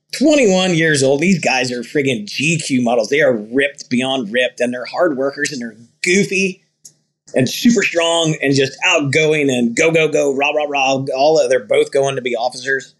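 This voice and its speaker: A ranch owner in an interview, talking earnestly and rambling through stories with quoted dialogue. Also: male voice, medium pitch, slightly rough. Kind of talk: conversational interview storytelling.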